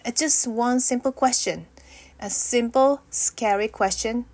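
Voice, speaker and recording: A woman acts out a nervous teenage schoolgirl in a scripted monologue. She talks to herself slowly and haltingly and keeps stopping to rehearse. Her voice sits fairly high. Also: a little mellow. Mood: hopeful. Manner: hesitant and self-talking, stopping to rehearse lines.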